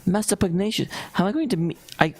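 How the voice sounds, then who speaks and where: A man's voice: high voice, expressive, quick pace, slight background noise, voice pushed up. A man reading the lines of an earnest young king hero in a fantasy game.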